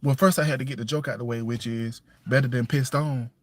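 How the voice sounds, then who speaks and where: A man talks loosely and plainly on a casual livestream, circling back and repeating himself as he goes. His pitch sits in the middle of the male range. He comes across firm and direct about how his household should run. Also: fairly even intonation, a little fast, dry recording, clean studio sound. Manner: loose, repeats himself, keeps asking "you know what I'm saying". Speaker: single father livestreaming.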